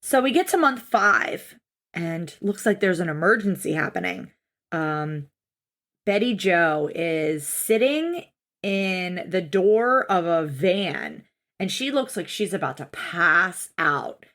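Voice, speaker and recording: A woman's voice: fairly low pitch, very animated, slow pace, fairly bright tone. A woman co-hosting a podcast, chatting casually, swearing often and mimicking people in exaggerated voices. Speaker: podcast co-host. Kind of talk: casual recap chat.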